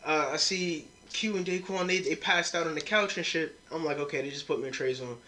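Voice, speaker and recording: A man's voice: on the high side, fairly quick, bright, forceful tone, slight background noise. A young man hosting a podcast, telling a rowdy drinking story in casual, profane talk full of quoted dialogue. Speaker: podcast host. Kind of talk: casual storytelling among friends.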